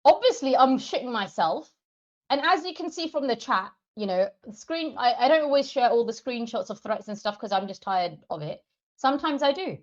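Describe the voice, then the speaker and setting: Angry woman ranting on her livestream, cursing at viewers, bit higher voice, kinda muffled lo-fi audio. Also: animated, normal speed. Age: adult parent of two. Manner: furious, heavily profane, addresses viewers directly. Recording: slightly dull lo-fi stream audio.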